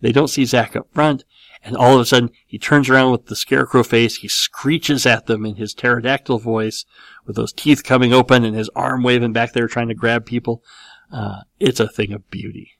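Host, male, 40s, gravelly: chatty parent spinning an animated anecdote, dry studio feel. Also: medium pitch, moderate pace, no echo. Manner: rambling, animated, with many fillers and restarts. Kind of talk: casual storytelling.

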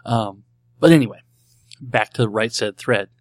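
A man's voice: medium pitch, moderate pace, no echo. A middle-aged man hosting a podcast, talking casually and rambling with amused asides and voiced quotes. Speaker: podcast host. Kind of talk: casual solo podcast monologue.

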